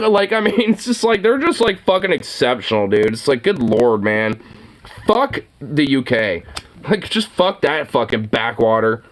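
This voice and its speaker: Animated, swearing reaction streamer. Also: mid-range voice, a little slow, a little hiss or hum. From United States. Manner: rambling, heavy on filler words, mocking, laughs often. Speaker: streamer reacting to viral clips. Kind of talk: casual profane reaction commentary.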